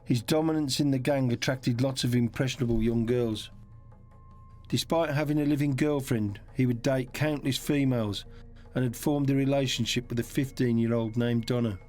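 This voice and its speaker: A man narrates a crime documentary in a measured, mid-range voice. Faint music plays under his voice. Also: mid-range voice, fairly even intonation, a little mellow. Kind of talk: scripted narration.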